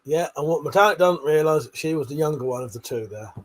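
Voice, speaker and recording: A man's voice: a little high, animated, fast. A man hosting a casual late-night livestream, reading out chat messages with lots of swearing, laughter and joking banter.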